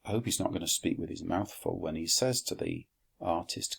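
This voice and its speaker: A man teaching a Latin lesson, explaining slowly and deliberately with dry, wry asides. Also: low voice, expressive, vocal fry, slightly rough. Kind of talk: recorded classroom lesson.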